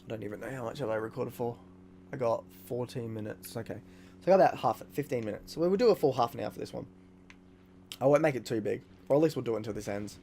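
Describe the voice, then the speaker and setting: A man rambles excitedly through a let's-play, his voice sitting at an ordinary middle pitch. He swears freely and jumps between thoughts, with a faint hiss of noise in the background. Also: quick pace, vocal fry. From Australia. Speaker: gaming YouTuber. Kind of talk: casual let's-play commentary.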